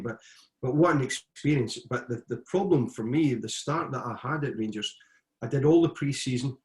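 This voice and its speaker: A middle-aged man, telling stories from his football career in a casual, animated way as an interview guest. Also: medium pitch, echoey room. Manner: anecdotal, animated retelling with frequent restarts. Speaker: guest, former footballer and coach. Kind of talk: casual storytelling.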